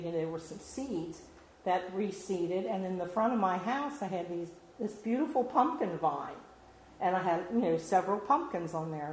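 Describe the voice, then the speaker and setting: A woman's voice: lowish voice, darkish tone. A woman delivers an informal devotional sermon, talking in a conversational and earnest way with many fillers. Her voice carries the echo of a roomy hall. Faint noise sits underneath. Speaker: lay speaker giving a devotional.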